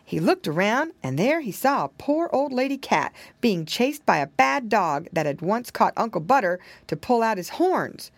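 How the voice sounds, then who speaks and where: A woman reading a children's storybook aloud, with gentle, expressive storytelling. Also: fairly high pitch, normal speed, hardly any pauses, no echo. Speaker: audiobook reader.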